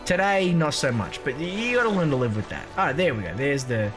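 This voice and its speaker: A man's voice: fairly high pitch, sing-song, brisk, over music. A man giving casual, rambling let's-play commentary, swearing freely and joking as he goes. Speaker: gaming channel host.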